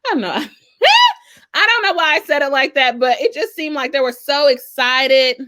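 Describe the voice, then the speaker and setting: Bright, animated woman coach. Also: high-pitched, a little slow. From Southern United States. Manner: animated and sassy, with frequent "okay?" check-ins. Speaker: financial coach and channel host. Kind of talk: casual advice vlog.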